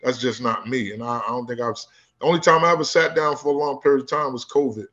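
A man from Newark, a high school basketball coach, telling stories casually in an interview and acting out the voices he quotes. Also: fast, lo-fi sound. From Newark, New Jersey. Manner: animated storyteller who acts out quoted voices.

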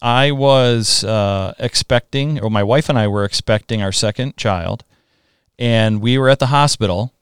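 A man in his fifties hosting a conversation, talking in a reflective, measured way. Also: medium pitch, clear, resonant tone, no room sound, clean studio sound. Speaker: host. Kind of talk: conversational interview.

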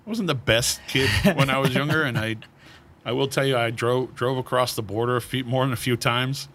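A man's voice: mid-range voice, fairly even intonation, normal speed, a bit bright, slight background noise. A man being interviewed, telling casual stories and acting out the voices of people he quotes. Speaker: cigar brand founder, guest.

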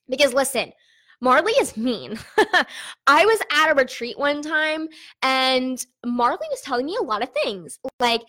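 A young woman with a fairly high voice talks straight to her viewers in a casual vlog. She is candid and chatty, and she peppers her sentences with fillers as she works through personal thoughts on running an online business. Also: animated, unhurried, pushed and bright.

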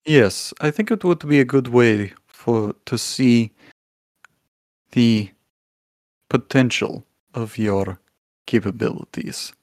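A man voicing a smooth-talking male animal talent agent in a tabletop role-play, formal and scheming. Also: medium pitch, takes it slowly, long pauses, darkish tone, no room sound, clean studio sound.

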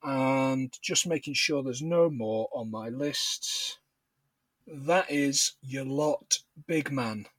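A man's voice: mid-range voice, slow, no echo. A man co-hosting a film podcast, chatting casually with playful banter. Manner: banter-heavy, playful sign-off patter. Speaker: podcast co-host.

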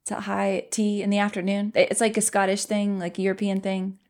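A middle-aged woman co-hosting a podcast in casual chat, animated and telling stories with quoted asides. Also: medium pitch, fairly quick. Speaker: podcast co-host.

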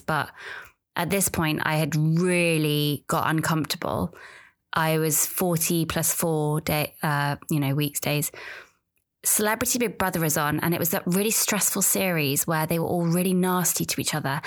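A woman, chatting casually and candidly on her own, often trailing off and restarting. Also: deep voice. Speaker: podcast host. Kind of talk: casual solo chat about pregnancy and birth.

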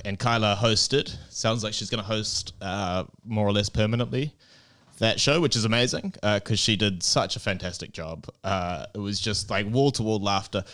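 A man co-hosting a casual chat show, telling a story in a relaxed, rambling way with plenty of fillers. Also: fairly low pitch. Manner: easygoing, rambling anecdotes with many fillers. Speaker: comedy club co-owner and podcast co-host. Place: comedy club in Barcelona.

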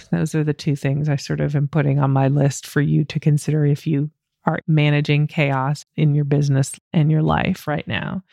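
Middle-aged woman, solo coaching podcast host; candid, self-mocking, laughs a lot, slight vocal fry, dry close mic. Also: sits low, darkish tone, no echo.

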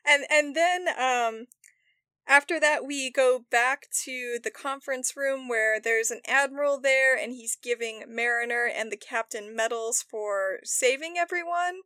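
Bright, dry-sounding young woman chatting. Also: high-pitched, dry recording. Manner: chatty, animated, quick to laugh. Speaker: podcast co-host. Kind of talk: casual chat recapping a TV episode.

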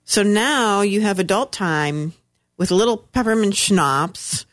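Wry, lively middle-aged woman co-host. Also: mid-range voice, unhurried. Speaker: podcast co-host. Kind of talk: casual chat.

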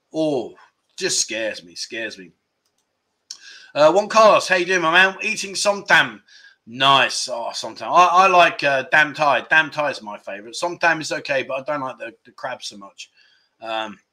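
A middle-aged man hosts a laid-back livestream, chatting and joking with his viewers. His voice sits a little high and comes across bright and forward. He laughs easily as he rambles through stories and comments. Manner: chatty, jokey storyteller, laughs often. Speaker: livestream host. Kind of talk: casual chat reading viewer comments.

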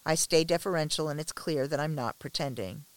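A woman's voice: deep voice, fairly quick, dry recording. Woman narrating a tense first-person story.

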